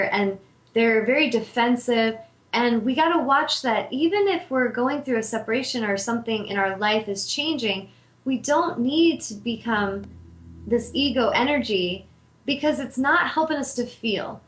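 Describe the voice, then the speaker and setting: A woman hosting a show as an intuitive healer, talking in an earnest, heartfelt and candid way about meditation and spirit. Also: on the high side. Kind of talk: spiritual talk monologue. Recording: echoey room.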